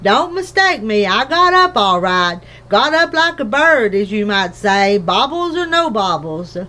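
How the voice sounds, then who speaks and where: A small, careful father explains himself in rambling, homely country speech, as a woman reads him out. He talks slowly, turning things over as he goes. A storybook figure with plain manners. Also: a little high, big pitch swings, pushed and bright, heavily acted. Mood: explaining. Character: small careful father, tiny borrower man. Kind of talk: storybook reading.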